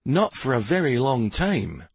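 A man voicing a tender young woman, a prince's wife, speaking softly and slowly in a storybook reading. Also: medium pitch, sing-song, vocal fry, husky, dry recording, pitched above the performer's own voice, full character voice.

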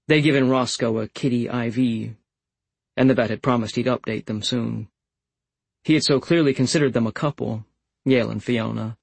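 A man reading a literary audiobook in a calm, understated way. His voice is husky, with a gravelly fry at the ends of phrases. The sound is close and completely dry. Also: mid-range voice, no echo, low-quality recording. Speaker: audiobook narrator. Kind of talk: scripted literary narration.

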